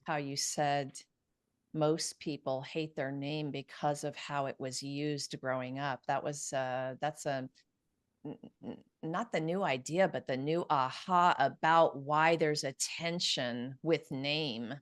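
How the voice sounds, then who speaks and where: A woman's voice: sits low, steady tone, takes it slowly, no echo, studio quality. A woman hosting a casual panel discussion over a video call, talking with enthusiasm, riffing freely with frequent fillers. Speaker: host.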